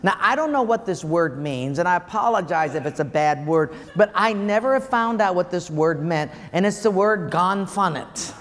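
An older pastor with a fairly high voice preaches with lively, laughing storytelling. His words carry a long reverb, as from a large hall. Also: normal speed, hardly any pauses. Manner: animated storyteller, laughing through anecdotes. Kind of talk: sermon with comic storytelling.

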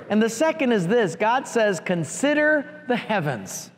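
A man preaching a sermon as pastor, animated, acting out prayers and speaking asides to the congregation. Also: high-pitched, unhurried. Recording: long hall reverb.

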